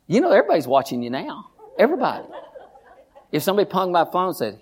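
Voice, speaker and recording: A middle-aged man preaching a sermon as pastor, animated, folksy and repeating his phrases. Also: on the high side, quick pace, long pauses, slight background noise.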